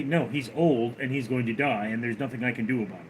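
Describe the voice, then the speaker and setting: A man hosting a casual livestream, talking to his cat and answering viewer comments in a relaxed, unhurried way with frequent fillers. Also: medium pitch, a little hiss or hum, poor audio. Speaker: livestream host. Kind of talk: casual live-stream chat, reading viewer comments aloud.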